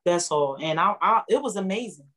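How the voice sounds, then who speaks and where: A woman speaking, giving an emotional, heartfelt testimonial as a guest, animated and repeating herself for emphasis. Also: medium pitch, moderate pace, poor audio. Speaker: guest, network marketing member.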